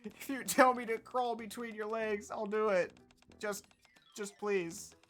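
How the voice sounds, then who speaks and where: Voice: medium pitch, fairly even intonation, unhurried, a bit bright, voice pushed up, close to an everyday voice. A streamer voicing a timid, anxious young woman from a game who stammers and begs for forgiveness. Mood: pleading. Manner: stammering, apologetic, clingy. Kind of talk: reading game dialogue aloud.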